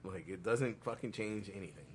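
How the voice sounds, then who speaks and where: A man's voice: on the low side, moderate pace, a little hiss or hum. A man hosting a casual podcast, telling stories in a loose, profane way and quoting other people. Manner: loose, profane storyteller who quotes others. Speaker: podcast host.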